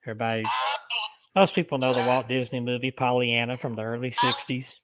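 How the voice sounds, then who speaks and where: Man, paranormal vlogger, soft coaxing delivery, mid pitch. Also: lively intonation, brisk, a little hiss or hum. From Alabama. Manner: soft-spoken, coaxing questions to a spirit. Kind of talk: casual paranormal investigation.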